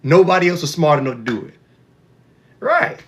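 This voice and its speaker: A man hosting a live call-in stream, arguing with callers in an animated way and often repeating and restarting his words. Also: fairly high pitch, normal speed, slight background noise. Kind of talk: casual debate with callers.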